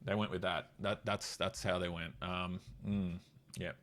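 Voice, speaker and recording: A man's voice: low-pitched, level tone, unhurried, fairly bright tone. An Australian man with a cold giving blunt, sweary, mocking commentary in a casual political rant. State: has a cold.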